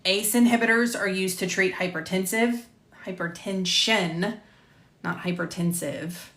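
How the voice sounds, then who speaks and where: A woman instructor reading lecture material on drugs at a measured pace, stopping to correct herself and chat. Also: medium pitch, fairly bright tone, reverberant. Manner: measured, careful reading of drug terms, self-correcting. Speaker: medical coding instructor. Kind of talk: recording lecture narration, with casual asides. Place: home room with door closed.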